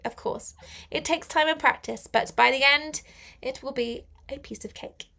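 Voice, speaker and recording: Upbeat woman teaching English with some vocal fry. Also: on the high side, a bit bright. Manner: upbeat, chatty, laughs often. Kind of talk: live-streamed English lesson.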